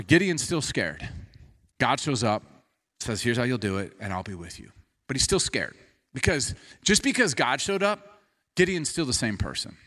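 A man preaching a sermon as pastor, animated and humorous, telling a story in a conversational way. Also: lowish voice.

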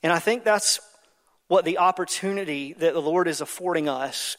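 A man's voice: high voice, a bit bright. A man in his thirties preaching a conversational sermon as pastor, with frequent ums and uhs. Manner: conversational preaching with many fillers. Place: church sanctuary. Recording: long hall reverb.

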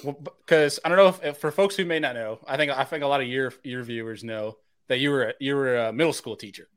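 A man's voice: mid-range voice, fast talker, fairly bright tone, clear, resonant tone. A man hosting a casual talk show, friendly and stumbling over his words as he asks questions. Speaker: podcast host. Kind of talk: casual chat.

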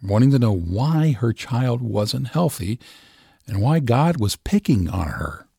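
A man giving scripted news narration in a measured, steady delivery. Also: mid-range voice, vocal fry, husky, dry recording, clean studio sound. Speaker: reporter narrator.

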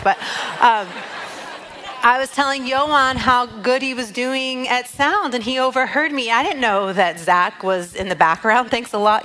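A woman's voice: fairly high pitch, pushed and bright, slight background noise, poor audio. A woman giving a heartfelt, conversational devotional talk and reading scripture aloud. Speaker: worship leader sharing a devotional. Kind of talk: devotional teaching.

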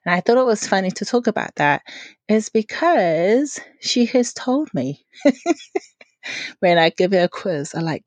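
A woman's voice: fairly low pitch, lively intonation, moderate pace, darkish tone, dry recording. A woman, hosting her own podcast in a chatty, giggly, rambling way. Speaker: podcast host. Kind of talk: casual solo podcast chat.

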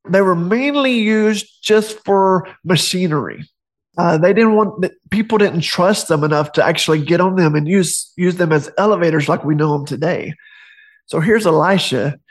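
Man, casual faith talk, book reading, slightly high voice, rambling, joking asides. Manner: conversational, digressive, joking asides. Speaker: Christian author and speaker.

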